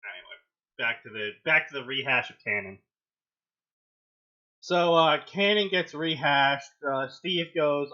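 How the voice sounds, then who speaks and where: Reading fanfiction aloud on his show, a male host mocks the text and bursts into loud, high voices for quoted lines. He's unhurried and pauses often, over dull audio.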